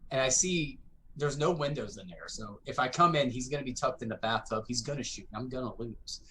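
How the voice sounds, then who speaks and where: A man being interviewed as a guest gamer, telling stories in an animated way and acting out the other players. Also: mid-range voice, brisk, slight background noise, low-quality recording. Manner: animated, acts out quoted players with shouts and laughs. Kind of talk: casual interview storytelling.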